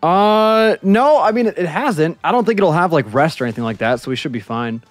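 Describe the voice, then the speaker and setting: High, animated young man joking. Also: fairly quick, dry recording, soft background music. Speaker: let's play co-host. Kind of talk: casual gaming banter.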